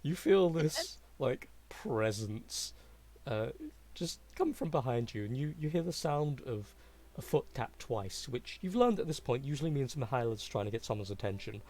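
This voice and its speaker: A man's voice: medium pitch, sing-song, normal speed, darkish tone. A man narrating a tabletop game as game master in a loose, casual way.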